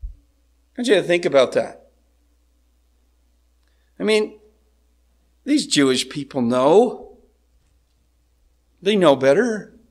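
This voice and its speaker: Male pastor with a high voice, preaching in an easy, chatty way that keeps drawing the congregation in. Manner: conversational, asks the congregation "right?". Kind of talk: expository sermon.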